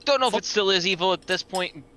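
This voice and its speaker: A man's voice: high-pitched, fast, pushed and bright, a little hiss or hum. A man playing a tabletop game, earnestly describing what his character does. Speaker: player. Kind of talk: tabletop role-play chat.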